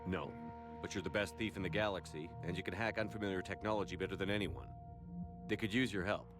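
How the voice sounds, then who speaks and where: An actor playing a calm, firm male military commander in a video game. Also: sits low, fast, music in the background, close to an everyday voice. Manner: steady, firm.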